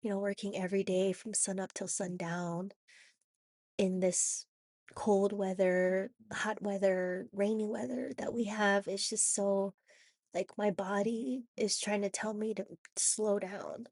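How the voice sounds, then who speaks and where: Hoarse woman with a cold doing a confessional vlog, raspy husky voice, keeps restarting, dead dry sound. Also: mid-range voice, fairly even intonation, a little mellow, dry recording. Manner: halting, repeats and restarts, many "you know"s. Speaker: vlogger.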